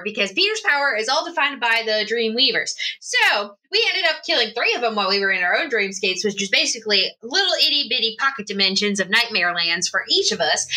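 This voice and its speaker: A woman runs through a tabletop campaign recap in loose, rambling chat. She laughs often and piles on fillers. Her voice sits a little high and rings very bright. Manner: rambling and giggly, with many fillers and asides. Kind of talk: casual tabletop game recap.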